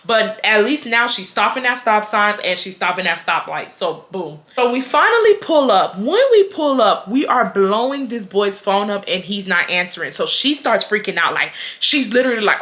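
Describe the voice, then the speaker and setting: A young woman from Houston, telling a story to her viewers in a blunt, animated, profane way with frequent laughter. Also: mid-range voice, normal speed, few pauses, roomy sound. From Houston, Texas. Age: 20s. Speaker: vlogger. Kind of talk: casual storytime.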